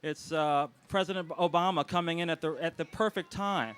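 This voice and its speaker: A man, co-owner of a restaurant, hosting an outdoor anniversary celebration with emotional, grateful words and loud announcements. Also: on the high side, normal speed, hardly any pauses, slight background noise. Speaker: restaurant co-owner and event host. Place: outdoors on a city street.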